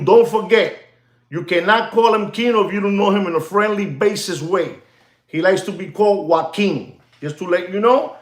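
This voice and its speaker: Male livestream host, high voice, loose rambling monologue with Spanish asides, roomy echoey room. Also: moderate pace. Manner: rambling and repetitive, addresses "ladies and gentlemen", drops Spanish phrases. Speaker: watch market livestream host.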